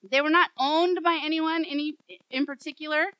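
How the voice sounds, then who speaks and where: A woman pastor preaching a sermon, telling a story in an animated way and acting out the voices in it. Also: high voice, moderate pace, dry recording, poor audio.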